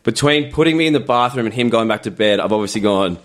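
Laid-back young Aussie guy, slightly low, telling a story on a podcast. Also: animated, fast, heavy background noise. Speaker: podcast guest. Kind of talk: casual chat.

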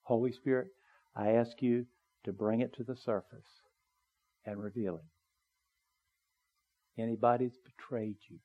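Earnest preacher, swelling then hushed. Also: male voice, mid-range voice, little pitch movement, normal speed, dull audio. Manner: earnest, rising to emphatic pleading, then dropping soft; conversational with small asides. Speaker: pastor. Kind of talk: sermon. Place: church sanctuary, also live streamed.

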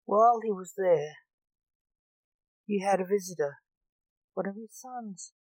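A woman narrating a story in a calm, even reading voice. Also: medium pitch, measured pace, no room sound.

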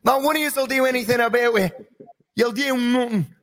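A man's voice: extremely high pitch, a little fast, pitched above the performer's own voice. A man doing an impression of a brash fighter who jeers at a crowd. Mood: taunting. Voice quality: shouty, jeering.

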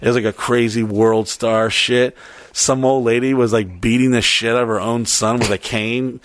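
A man casually telling a story on a podcast, animated and profane, acting out the voices of other people. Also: mid-range voice, normal speed, no room sound. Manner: animated, swears a lot, acts out voices.

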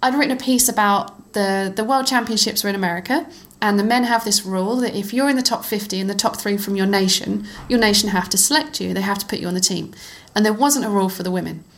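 A middle-aged woman, a former cyclocross racer, chatting as an interview guest and telling lively stories with frequent laughter. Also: medium pitch, fast talker, few pauses. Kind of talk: casual conversational storytelling.

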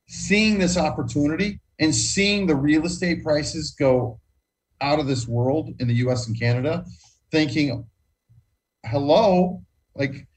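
A man's voice: fairly high pitch, distant mic, rough recording. An American man in a casual chat, enthusiastic, repeating words and filling with "you know". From United States.

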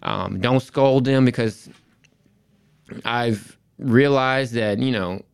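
A man's voice: mid-range voice, slow pace, vocal fry, smooth. A man in his thirties, a school principal as podcast guest, telling family stories in a casual, rambling way. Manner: storytelling, frequent restarts and "you know".

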